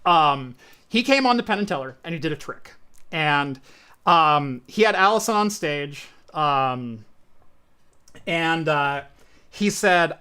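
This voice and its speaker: A man's voice: on the high side, lively intonation, slow pace, long pauses, sharp tone, clean tone. A man co-hosting a podcast in casual chat, telling a long story in a rambling way and acting out the quoted voices. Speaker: podcast co-host.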